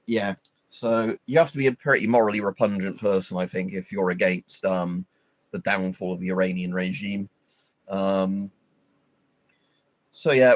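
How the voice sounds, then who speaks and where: A man's voice: fairly low pitch, no room sound. A man hosting a livestream, rambling and swearing in an opinionated, casual chat full of fillers. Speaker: livestream host.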